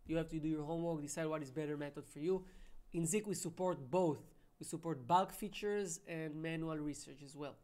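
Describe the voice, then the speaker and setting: A man hosting a live webinar Q&A, reading out viewer questions and answering them in a casual, friendly way. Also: high-pitched. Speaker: webinar host.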